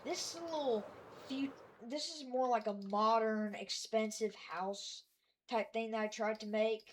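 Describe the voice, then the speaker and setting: A woman's voice: a little high, fairly even intonation, measured pace. A woman giving a casual voice-over of her game world, rambling and hesitant, with lots of fillers, restarts and self-deprecating asides. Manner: self-deprecating about her own work. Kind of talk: casual voice-over narration of gameplay.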